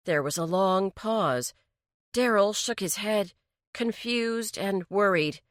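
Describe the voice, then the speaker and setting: A woman narrating a mystery story in a slow, even storytelling delivery. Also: medium pitch, no echo, studio quality. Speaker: audiobook narrator. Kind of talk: scripted narration.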